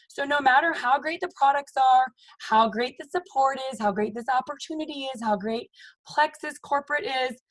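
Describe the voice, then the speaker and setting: A woman's voice: high voice, poor audio. Upbeat woman giving a motivational team talk. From Maryland, US. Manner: upbeat, emphatic, repeats "you guys" and "okay?". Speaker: team leader.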